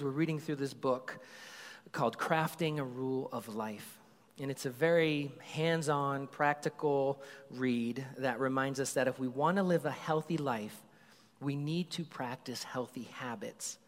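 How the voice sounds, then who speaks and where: Dad pastor preaching in a reverberant hall. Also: male voice, medium pitch. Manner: conversational storytelling, animated when excited. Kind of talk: sermon. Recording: long reverb of a large hall.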